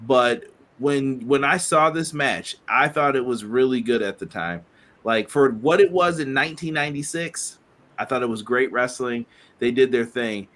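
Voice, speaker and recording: A man in his thirties co-hosting a casual wrestling podcast, telling animated stories and acting out quotes. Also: medium pitch, moderate pace. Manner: animated storyteller, acts out quotes. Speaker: podcast co-host.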